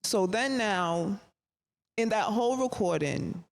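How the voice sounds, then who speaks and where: This woman speaks slowly in a gravelly, mid-range voice as a podcast guest recounting something from her own life. Her telling is animated, slangy and profane, and she performs the voices of the people in the story. Faint noise sits under the reverberant room sound.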